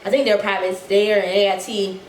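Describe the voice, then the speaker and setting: A woman's voice: mid-range voice, a little fast. Young woman, casual storytime vlog, winded, echoey room, faint background hiss. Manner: animated, acts out quotes, swears freely. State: out of breath. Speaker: vlogger.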